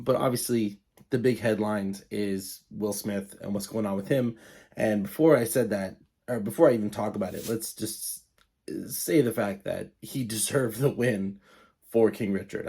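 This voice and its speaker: Gravelly, husky man chatting casually. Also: lowish voice, mellow. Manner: chatty, thinks aloud with frequent fillers. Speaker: YouTube reviewer. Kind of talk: casual opinion vlog.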